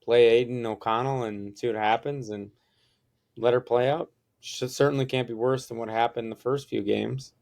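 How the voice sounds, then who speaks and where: A young man on a casual sports podcast, weighing things up and asking questions. His voice sits at an ordinary middle pitch. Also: steady tone, moderate pace, vocal fry, a little mellow. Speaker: podcast co-host.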